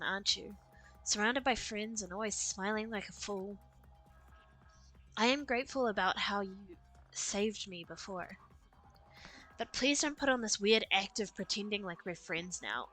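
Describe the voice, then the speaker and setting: A woman's voice: mid-range voice, pushed and bright. A woman reading the lines of a cold, vengeful young woman from a game, curt and prideful. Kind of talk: reading game dialogue aloud.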